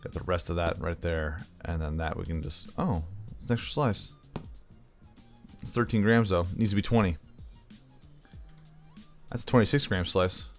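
A man's voice: low-pitched, moderate pace, pauses often, soft background music. A man casually commentating his own cooking game as he plays, chatty and thinking aloud, calling the viewer "bro". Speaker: gaming channel host. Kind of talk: casual let's-play commentary.

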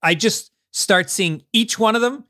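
A man, a comedian guest on a podcast, telling a quick anecdote in casual chat. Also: high voice, sharp tone, no room sound, studio quality.

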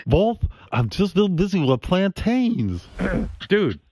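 A man's voice: high voice, sing-song, a little slow, a little mellow, husky, no echo. A man hosting a radio show, teasing his staff in casual banter. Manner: teasing, mocking.

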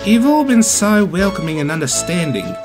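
A narrator doing a prim female steam engine, brisk, scolding, lively pitch, music underneath. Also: natural voice. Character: proud, brisk female Australian express engine.

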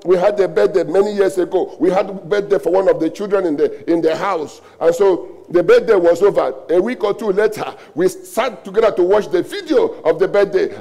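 High-pitched Nigerian pastor preaching emphatically. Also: male voice, creaky, warm tone. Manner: emphatic preaching with rhetorical questions and repetition. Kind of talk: sermon.

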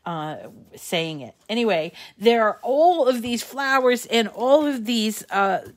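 Chatty woman with a slight lisp. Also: mid-range voice. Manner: chatty, self-deprecating, thinks aloud. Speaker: crafting channel host. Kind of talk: casual craft tutorial.

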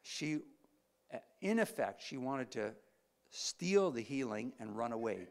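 Man, preacher, gravelly voice, mid pitch, animated storytelling sermon. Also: a little slow.

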